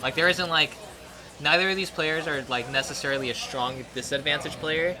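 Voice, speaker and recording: A man commentating a live fighting-game match, jokey and excitable, breaking into loud yells at big plays. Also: on the high side, moderate pace, a crowd in the background, rough recording. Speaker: esports commentator.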